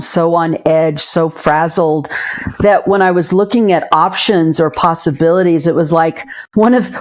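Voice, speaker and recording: A middle-aged woman with a fairly low voice talks as a psychologist guest in a reflective interview. She is candid and earnest and often circles back to repeat herself. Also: darkish tone. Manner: candid and earnest, with frequent restarts and repeated phrases.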